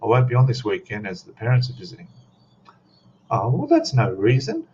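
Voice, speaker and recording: A man's voice: medium pitch, wildly swooping pitch, brisk, warm tone. A man with an Australian accent hosting a casual live stream, rambling easily and reading out chat messages as he goes. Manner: rambling, easygoing, reads chat aloud. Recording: dull lo-fi stream audio, faint noise.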